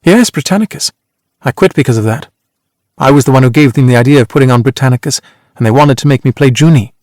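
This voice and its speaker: A man voicing a sharp, teasing former actress. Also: mid-range voice, dry recording, clean studio sound, lightly acted. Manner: teasing, brisk and cutting. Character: worldly former actress, woman in her thirties, sharp and teasing.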